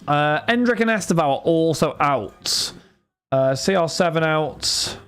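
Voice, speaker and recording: Young guy hosting a live card-break stream, smooth clear voice, a bit high, chatty and rambling. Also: expressive, unhurried, fairly bright tone. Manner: chatty, addresses chat and viewers by name, frequent restarts. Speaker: livestream host running card breaks. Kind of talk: casual livestream chat.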